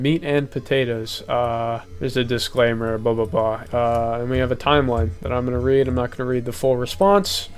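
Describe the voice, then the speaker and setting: A man's voice: medium pitch, little pitch movement, moderate pace, clear, resonant tone. Young man reacting heatedly to a document. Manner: casual, swearing, gets heated and loud. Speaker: commentary youtuber.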